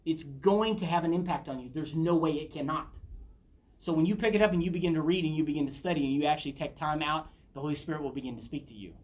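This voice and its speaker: A middle-aged woman with a fairly low voice leads a Bible study. She preaches earnestly but conversationally and keeps checking in with her listeners through questions. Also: fast, darkish tone.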